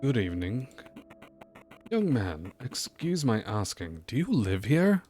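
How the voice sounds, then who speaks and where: A man's voice: mid-range voice, very animated, takes it slowly, a little mellow, faint music behind. A man voicing a suspicious, prying elderly male neighbor in a video game, reading the dialogue aloud. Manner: prying, indignant, blustering threats.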